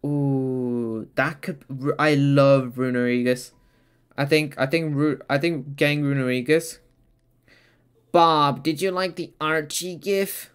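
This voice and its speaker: A man's voice: a little high, fairly even intonation, slow, clear, resonant tone. A man streaming a video game, rambling, giggling and chatting to his viewers. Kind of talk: casual live-stream chat while playing.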